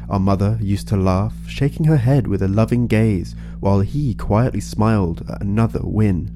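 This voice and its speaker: A man narrating a first-person story in a wry, deadpan way over soft guitar music. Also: lowish voice, normal speed, hardly any pauses.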